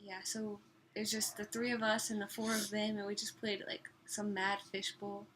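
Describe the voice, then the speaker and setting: A woman's voice: mid-range voice, completely flat delivery, moderate pace, a little hiss or hum. A young woman telling a story in a casual vlog chat, easy and talkative. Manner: chatty storyteller with a soft, easy delivery. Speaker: summer youth missionary.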